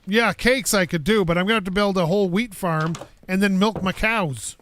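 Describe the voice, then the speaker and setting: Here a male streamer chats loosely over a block-building game, musing aloud to himself and his viewers. He speaks a little fast in a high-sitting, somewhat bright voice.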